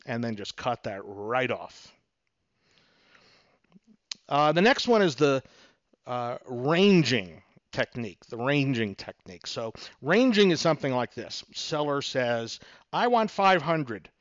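A man's voice: mid-range voice, big pitch swings, a little slow, no echo, highs cut off. A middle-aged man hosting a solo podcast, explaining negotiation tactics and acting out both sides of the dialogues in a conversational way. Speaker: podcast host, real estate attorney.

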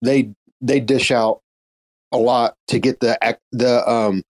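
A man's voice: mid-range voice, steady tone, takes it slowly. A man joining a casual online audio chat, speaking hesitantly with frequent restarts.

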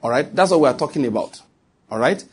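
A man's voice: medium pitch, lively intonation, fast, husky. A man preaching a sermon to his congregation, emphatic and repetitive, often turning to check that his listeners follow him.

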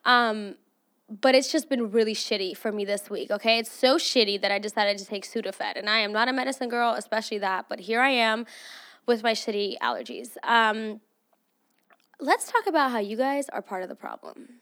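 A young woman hosts her own podcast in a loose, chatty way, her fairly high voice stuffy and nasal from allergies. She swears freely and teases her listeners with animated, scolding banter. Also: normal speed. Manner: profane, animated, playfully scolding. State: congested from allergies. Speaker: podcast host. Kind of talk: casual chat.

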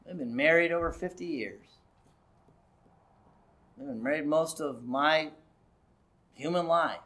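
A man's voice: a little high, a little slow, fairly bright tone. Earnest male pastor preaching. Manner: earnest, conversational preaching with rising emphasis. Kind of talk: sermon.

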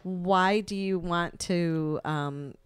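A woman in her forties in a casual, blunt, profane chat, talking in an animated way. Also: lowish voice, extremely slow, clean tone, no echo. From Chicago.

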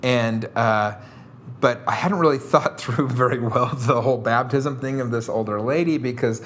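A man telling a funny story as a podcast guest, animated and laughing often. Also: mid-range voice, moderate pace, a little hiss or hum. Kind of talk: casual storytelling.

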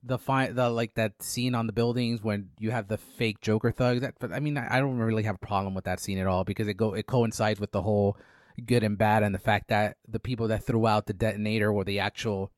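A man's voice: fairly low pitch, fairly even intonation, a little fast, no room sound. Man hosting a dry-sounding movie chat. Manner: runs the segments, calls on others. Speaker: podcast host. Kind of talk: casual movie discussion.

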